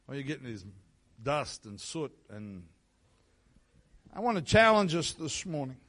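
A man giving a sermon as pastor in a church, moving from quiet reflective teaching into loud, fervent prayer. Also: on the high side, very animated, a little slow. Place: church sanctuary. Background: soft instrumental music.

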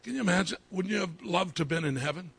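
A male pastor preaching a sermon, repeating his phrases and building up to fervent shouting. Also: high voice, lively intonation, fast talker, creaky, breathy edge, no echo.

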